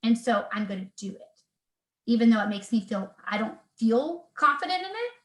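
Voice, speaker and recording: A woman's voice: on the high side, sing-song, normal speed, a bit bright, echoey room, low-quality recording. A woman in her thirties, a personal trainer talking as a guest in an earnest, faith-filled way, with plenty of fillers and restarts. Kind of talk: casual video interview chat.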